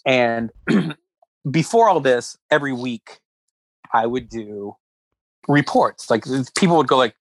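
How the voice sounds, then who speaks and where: A man's voice: mid-range voice, slow, pauses often, no room sound. A male comedian and writer, a guest on a chat show, telling a long funny anecdote with laughs and acted-out quotes. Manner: animated anecdote-teller who keeps acting out quotes; laughs often mid-story. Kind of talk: casual storytelling chat.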